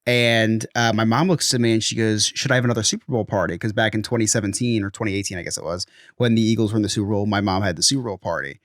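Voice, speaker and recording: A man's voice: on the low side, steady tone, fast, dry recording, studio quality. A man, co-hosting a casual podcast and telling rambling stories with frequent laughs. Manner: rambling storyteller, laughs often. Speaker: podcast co-host. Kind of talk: casual chat.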